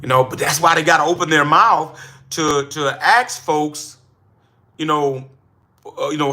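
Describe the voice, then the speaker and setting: A man hosting a live-stream business coaching session, talking energetically to chat viewers and bursting into excited shouts. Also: a little high, normal speed. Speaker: livestream host and business coach.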